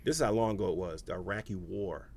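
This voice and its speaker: A man's voice: low voice, quick pace, a little hiss or hum. A middle-aged man, a comedian, telling stories in a casual interview and acting out the people he quotes. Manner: animated storyteller who acts out the people he quotes. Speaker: guest comedian.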